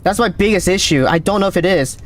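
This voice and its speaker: A man streaming a game live, calling out readings with excited running commentary, his voice cracking. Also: high voice. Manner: excited, calls out numbers rapidly. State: voice cracking, thirsty. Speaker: gaming streamer.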